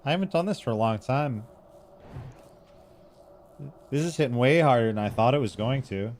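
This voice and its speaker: A young man chatting casually with viewers while he streams a game, relaxed, laughing often and swearing freely. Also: medium pitch, normal speed, slight background noise. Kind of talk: casual live-stream chat while gaming.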